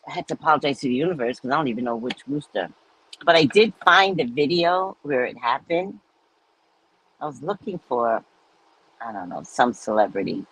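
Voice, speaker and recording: A woman's voice: low-pitched, fairly bright tone, slightly rough, low-quality recording. A woman hosting a live stream, chatting casually and telling stories with frequent laughter. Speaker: host of live readings.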